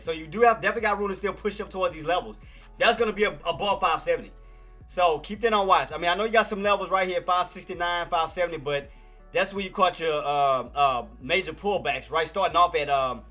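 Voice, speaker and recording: A man with a slightly high, sharp-toned voice hosts a live trading stream, delivering market commentary directly to his chat. He repeats himself and swears freely.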